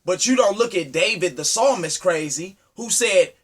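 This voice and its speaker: A man delivering an impassioned, preachy monologue, firing rhetorical questions at his listeners and swinging from loud to low. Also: lively intonation, a little fast, hardly any pauses. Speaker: speaker addressing his community.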